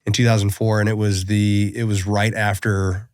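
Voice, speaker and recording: A man, a Coast Guard veteran hosting the interview, talking casually in a halting, thoughtful way. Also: fairly low pitch, level tone, a little mellow, clear, resonant tone, no room sound, studio quality.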